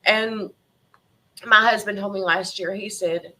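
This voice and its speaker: A middle-aged Southern woman talks in a bright, ringing voice, telling warm, emotional stories as a podcast guest. Her delivery is lively and heartfelt, often breaking into laughter. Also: medium pitch, a little slow. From Tennessee. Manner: emotional, animated storyteller who laughs often. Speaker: podcast guest, horse breeder. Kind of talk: casual interview chat.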